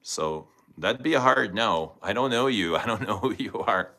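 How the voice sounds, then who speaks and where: A man's voice: on the low side, expressive, normal speed, sharp tone. A man hosting a casual live stream, chatting and thinking aloud as he unboxes and tries scents, talking to viewers by name. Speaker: livestream host reviewing fragrances.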